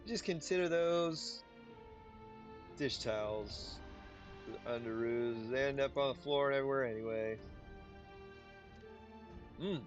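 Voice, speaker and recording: A man's voice: mid-range voice, a little slow, pauses often, muffled recording, soft background music. A tired man chatting casually with viewers while he plays through a game. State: tired, yawning. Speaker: game streamer. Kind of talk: casual livestream gameplay commentary.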